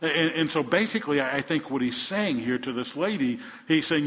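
A man's voice: a little high, lively intonation, brisk, few pauses, a bit bright. A man preaching a sermon as pastor. He talks earnestly, repeats his words and asks his listeners questions. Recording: echoey hall, dull lo-fi sound.

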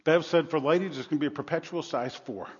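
A man pastor preaching a sermon, moving between quiet, hushed stretches and loud, emphatic passages with humor. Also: on the high side, fast talker, a little hiss or hum. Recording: long reverb, dull lo-fi sound.

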